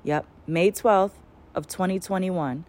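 A woman's voice: lowish voice, takes it slowly. A woman talking casually as a spiritual channeler, rambling and swearing as she tells a story with lots of energy. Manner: profane, rambling, animated storytelling.

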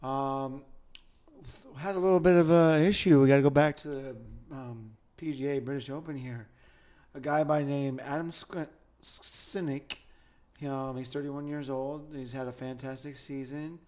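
A man co-hosting a sports podcast in casual chat, loose in manner, swearing now and then and dropping into quiet asides. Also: medium pitch, steady tone, measured pace. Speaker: podcast co-host.

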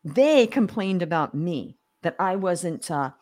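In a casual podcast interview, a middle-aged Australian guest with a voice on the low side tells animated stories, slipping into the voices of those she quotes. She takes things slowly and often stumbles and restarts mid-sentence.

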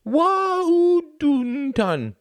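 A man doing a shrill, brash party woman. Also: sing-song, moderate pace, dry recording. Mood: shrill teasing. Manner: shrill high falsetto, teasing and brash. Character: loud flirtatious tipsy party woman.

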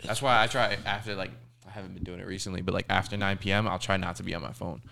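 A man's voice: low-pitched, fairly even intonation, fast, creaky, sharp tone. A young man in casual podcast chat, talking loosely with heavy slang and swearing. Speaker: podcast guest.

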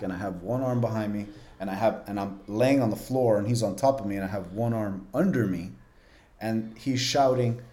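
A man's voice: fairly low pitch, mellow. A man in his forties, a podcast guest, telling a personal story candidly and vividly with lots of "like" fillers. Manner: vivid, earnest, many "like" fillers. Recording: roomy, echoey room.

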